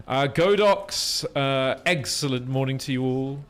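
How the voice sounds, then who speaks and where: A man's voice: medium pitch, unhurried. Rambling, self-mocking male streamer. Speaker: game streamer. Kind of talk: casual livestream chat. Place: small room surrounded by screens.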